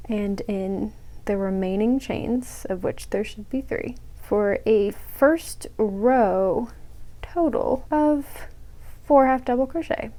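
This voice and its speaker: A young woman with a voice on the high side but dark in tone hosts a crochet tutorial, recorded in poor audio. She casually explains the pattern step by step, keeping things chatty with self-mocking asides and dropping to a whisper as she mutters to herself.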